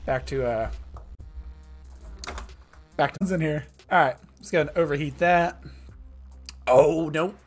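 A man's voice: on the high side, slow, pauses often, faint music behind. A man commentating his own live gameplay, muttering and swearing as the fight swings. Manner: excitable, swearing, muttering under breath. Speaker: game streamer.

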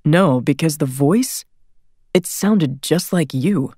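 Awkward polite young guy, woman reading him, low and dry. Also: animated, slow, warm tone, slightly rough, no room sound, exaggerated voice. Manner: hesitant, politely uncomfortable.

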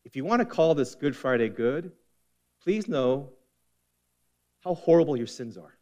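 A man preaching a sermon as pastor, impassioned, swinging between forceful emphasis and hushed intensity. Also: medium pitch, expressive, a little slow.

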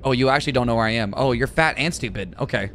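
A man streaming a video game, reacting out loud with swearing and talking to the characters on screen. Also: medium pitch, fast, slight background noise. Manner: jumpy and excitable, swears, talks to game characters. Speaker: gaming streamer. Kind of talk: let's play commentary.

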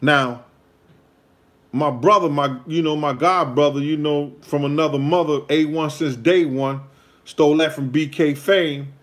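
A man's voice: on the high side, fairly even intonation, unhurried. Rambling New man telling a story. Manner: rambling, repeats himself, street slang. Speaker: show host telling a personal story. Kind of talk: casual storytelling monologue.

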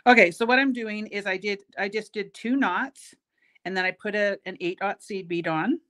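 A woman's voice: mid-range voice, normal speed, fairly bright tone. A middle-aged woman hosting a casual beading tutorial, chatty and self-mocking as she works. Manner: chatty, self-mocking, laughs at her own jokes. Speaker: host, bead shop owner teaching a craft.

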